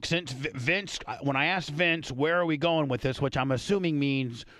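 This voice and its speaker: A man hosting a radio interview in a casual, profane and excitable way, often repeating himself. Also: fairly high pitch, normal speed. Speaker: radio show host.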